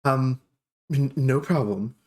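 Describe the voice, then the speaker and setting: A chirpy young dwarf girl from a tabletop game, as a male game master puts her on, eager and bubbly. She rattles off her shop pitch in a high voice that leaps up and down. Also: darkish tone. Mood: eager, friendly. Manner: bubbly, quick sales patter.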